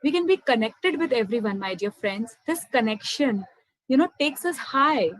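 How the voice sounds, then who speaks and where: A woman's voice: fairly high pitch, expressive, normal speed, no echo, rough recording. A young woman with an Indian accent, earnestly telling a personal spiritual story and calling her listeners "my dear friends.". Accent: Indian English. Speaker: spiritual speaker. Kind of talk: motivational personal testimony.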